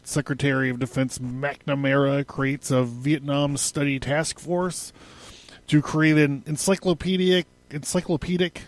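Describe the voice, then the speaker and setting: A man hosting a solo podcast, rambling and profane, laughing often and stammering through his notes. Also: on the high side. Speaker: podcast host. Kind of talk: casual solo podcast commentary.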